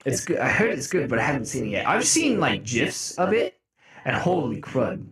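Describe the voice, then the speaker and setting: A young man streaming live, chatting casually with his viewers, laughing often and breaking into mock-outraged shouts. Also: mid-range voice, very animated, moderate pace. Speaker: music streamer. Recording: roomy echo.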